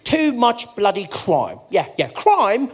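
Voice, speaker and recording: A man's voice: sits high, huge pitch swings, takes it slowly, slightly rough, full character voice. Man doing a smug, pushy British bloke. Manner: smug, insistent, repeats himself.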